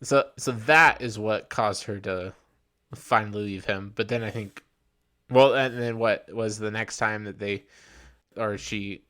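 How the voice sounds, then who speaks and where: A man's voice: lowish voice, fairly even intonation, unhurried, sharp tone. A young man co-hosting a podcast, chatting casually about a movie, rambling with restarts and mock quotes. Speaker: podcast co-host. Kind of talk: casual movie review chat.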